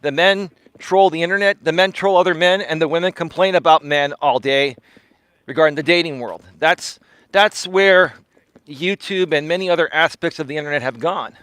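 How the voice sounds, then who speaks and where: Walking outdoors during a live stream, a man coaches and talks straight to viewers in a casual monologue, emphatic, repeating words, tagging lines with "right?" and laughing often. His voice sits a little high and is a bit bright, at a moderate pace. The sound is clean, dry and close, with no echo.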